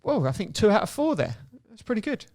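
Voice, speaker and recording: A man with a Cockney accent and an Australian twang hosts a podcast in a fairly high voice. He keeps things jokey and upbeat, running quiz rounds with his guest. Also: sing-song, fast talker, darkish tone. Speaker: podcast host. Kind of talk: casual podcast interview.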